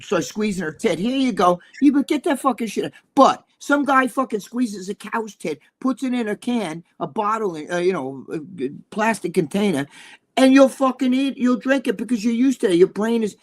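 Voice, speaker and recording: An older man with a New Jersey accent holds forth in a casual chat. His voice sits a bit high, and he tells long, crude stories full of swearing and asides. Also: lively intonation, moderate pace. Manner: crude, rambling storyteller, swears a lot. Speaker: podcast co-host.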